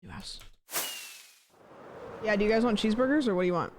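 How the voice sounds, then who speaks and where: A young woman streaming a game, reading chat questions in a croaky, sleepy-sounding, tired voice, rambling and sarcastic with plenty of swearing. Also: mid-range voice, fairly quick, noisy background. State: tired voice, talking quietly.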